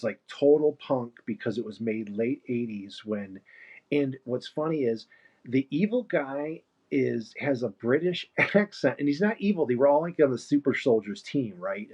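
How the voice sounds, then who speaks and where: A man's voice: mid-range voice, warm tone, breathy edge. A man chatting casually and rambling while he paints on a live stream, laughing now and then. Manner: rambling, easygoing, laughs often. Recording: muffled lo-fi stream mic.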